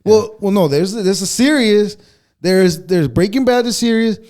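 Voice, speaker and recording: A man's voice: sits high, unhurried, darkish tone. A man co-hosting a podcast, chatting casually and agreeing enthusiastically about movies. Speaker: podcast co-host. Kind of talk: casual chat.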